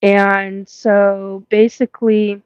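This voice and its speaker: Lady host on a live stream, slow rambly storytelling, swears n laughs, kinda muffled dry audio. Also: mid-range voice, little pitch movement, a little mellow, clean tone, no room sound. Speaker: host of a live paranormal show.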